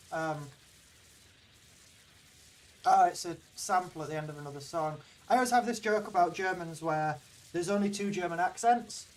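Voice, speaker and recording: A high-voiced man with a mild Yorkshire accent, recorded from a distance, streams himself playing a game. Chatty and rambling, he talks casually with viewers and answers the chat between plays.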